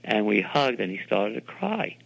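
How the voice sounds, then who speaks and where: An older man from New York City, a television producer being interviewed, telling animated anecdotes and acting out the voices of people he quotes. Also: mid-range voice, moderate pace, creaky, rough recording. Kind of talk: interview storytelling.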